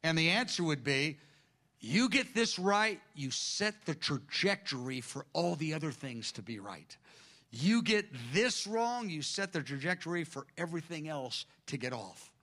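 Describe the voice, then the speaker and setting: A man preaching a sermon in a conversational, animated way, often acting out quoted speech. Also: a little high, a little slow.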